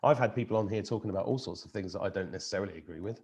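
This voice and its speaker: A middle-aged man hosting a casual chat over a video call, easygoing and unhurried. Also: lowish voice, darkish tone. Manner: easygoing, unhurried, lots of "you know". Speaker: host.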